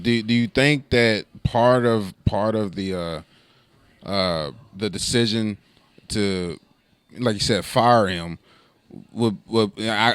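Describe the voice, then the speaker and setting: Stammering deadpan man on a podcast. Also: lowish voice. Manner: stammering, repeats words, mock-serious deadpan bit. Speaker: podcast co-host. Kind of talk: casual podcast banter.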